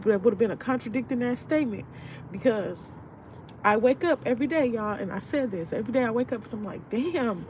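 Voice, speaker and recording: A young woman with a fairly high voice talks through her feelings in a rambling, profane, heartfelt way. She sounds set back from a dull, muffled mic. Faint traffic hum sits behind her outdoors. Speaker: vlogger. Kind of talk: casual personal venting. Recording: distant, muffled mic with street noise.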